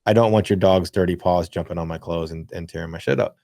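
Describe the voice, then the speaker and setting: Podcast co-host, man, lowish voice, loose and profane, dry close mic. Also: fast, no echo. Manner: rambling, profane, animated storytelling. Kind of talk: casual gaming podcast chat.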